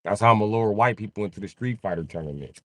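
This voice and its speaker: A man's voice: fairly low pitch, fast, no echo. A young man riffing crudely on a live comedy stream, jumping into voices. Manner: crude, animated, jumps into voices.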